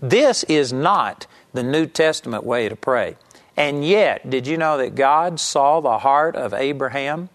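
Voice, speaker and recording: A man's voice: medium pitch, animated, a little slow. A man preaching a sermon, teaching earnestly and emphatically, and sometimes acting out the people in his story.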